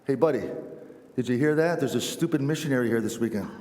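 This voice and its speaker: A man's voice: medium pitch, fast, noisy background, close to an everyday voice. A man voicing a grumpy old male churchgoer who grumbles and complains, his voice ringing in a church hall. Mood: grumbling.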